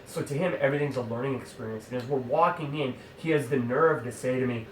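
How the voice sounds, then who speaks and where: A man telling an animated, exasperated hunting-camp story in a casual way, full of fillers and asides. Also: medium pitch, fast talker, hardly any pauses, slight background noise. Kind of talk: casual spoken anecdote. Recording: roomy sound from a distant mic.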